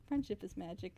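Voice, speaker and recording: A woman's voice: mid-range voice, vocal fry, warm tone, slight background noise. A woman voice actress co-hosting a casual stream, effusive and giggly, laughing often as she chats.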